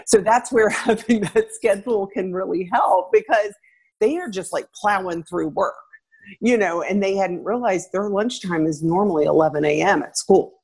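Husky woman giving lively parenting advice. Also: normal speed. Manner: animated, laughs, acts out quotes with pitch jumps. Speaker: parenting guest expert, former teacher. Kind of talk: conversational advice.

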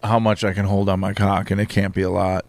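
A man, a comedian guest on a podcast, bantering in a crude, deadpan, matter-of-fact way. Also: low-pitched, a little fast, dry recording.

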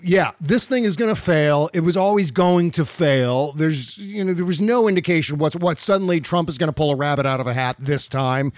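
A man's voice: on the high side, fairly quick, few pauses, dry recording, studio quality. A man hosting a comedy news podcast, reading stories and ranting sarcastically with plenty of profanity. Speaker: podcast host.

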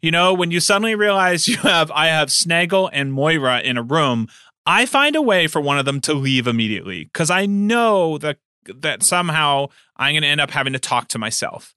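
A man co-hosting a casual chat about running tabletop games, animated and laughing often. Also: on the high side, moderate pace, clear, resonant tone, no room sound, clean studio sound. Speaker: podcast co-host and game master.

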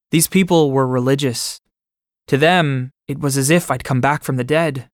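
A man narrating his own memoir in steady first-person storytelling, recorded close to the mic. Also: medium pitch, normal speed, no echo.

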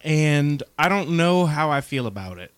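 A man's voice: on the high side, big pitch swings, moderate pace, smooth, dry recording. Male co-host, hesitant and thoughtful, dry mic. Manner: hesitant, thinking aloud. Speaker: podcast co-host. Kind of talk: casual podcast chat.

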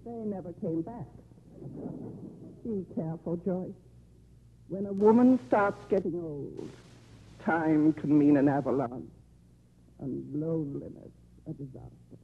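A woman's voice: low-pitched, a little slow, pauses often. An actress playing a lonely, sardonic older woman who drinks too much, in 1950s radio drama style, with a mocking, theatrical manner. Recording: dull, faintly hissy 1950s radio broadcast.

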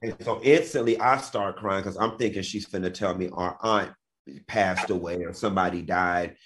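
A man's voice: low-pitched, normal speed, fairly bright tone, a little hiss or hum. A man co-hosting a casual talk show, telling weekend stories in a flamboyant, playful way. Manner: flamboyant, playful, dramatic storytelling. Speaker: co-host. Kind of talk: casual chat.

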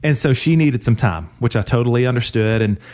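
A man's voice: mid-range voice, a little fast, a little mellow. A man who is a financial advisor, hosting a radio talk show and telling a client story in a friendly, casual way with easy laughs.

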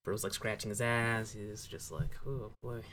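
A man's voice: on the low side, flat delivery, normal speed, bright, forceful tone. A man in a casual chat, answering in a laid-back way with short replies.

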